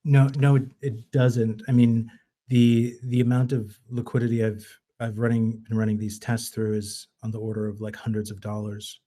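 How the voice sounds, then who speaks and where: Man, low mellow voice, flat delivery, stumbles and repeats himself while explaining. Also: normal speed. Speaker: speaker defending his liquidity plan. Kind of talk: casual chat in an audio room.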